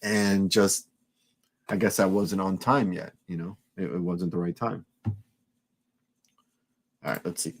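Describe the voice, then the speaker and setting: A man's voice: low voice, steady tone, measured pace, long pauses, a little hiss or hum. A man hosting a live stream in loose, profane, rambling casual chat, restarting his sentences often.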